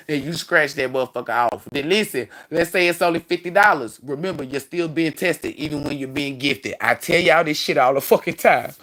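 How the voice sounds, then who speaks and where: A man's voice: on the high side, brisk, hardly any pauses, a bit bright. A man hosting a spiritual livestream, preaching in a profane, rambling way. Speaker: livestream host.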